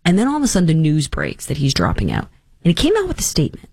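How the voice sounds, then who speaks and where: A woman hosts a talk show, her voice swinging widely in pitch as she riffs sarcastically and acts out quotes. The sound is dry and close on a studio mic. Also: huge pitch swings, quick pace, gravelly, a little mellow, slightly rough, no echo. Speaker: radio talk show host. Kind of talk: opinionated casual commentary.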